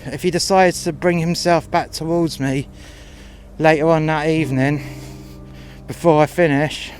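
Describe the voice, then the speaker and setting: A man's voice: on the high side, a little hiss or hum. A man telling a first-person story in a crude, confrontational way, acting out both sides of a row.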